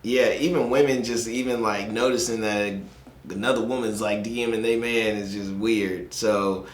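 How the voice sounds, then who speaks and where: A man's voice: lowish voice, steady tone, moderate pace. A man hosting a podcast, chatting in a laid-back way and laughing often. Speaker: podcast host. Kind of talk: casual podcast chat. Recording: echoey room with faint noise.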